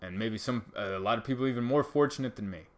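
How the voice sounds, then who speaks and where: A man's voice: fairly low pitch, quick pace. A man who works as a stand-up comedian, talking to camera in a casual, sarcastic, rambling monologue.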